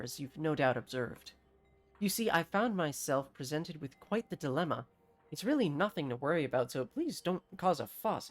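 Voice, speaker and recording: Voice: mid-range voice, lightly acted. A streamer reading out a frantic, over-polite woman mayor of a village from a game, with a put-on voice. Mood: flustered polite. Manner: frantic, then falsely composed and over-polite. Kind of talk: reading game dialogue aloud.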